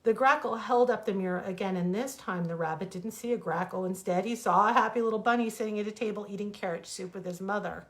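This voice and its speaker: A woman author reading her own fables aloud as bedtime stories, gentle and expressive, into a webcam. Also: mid-range voice, fast talker, few pauses.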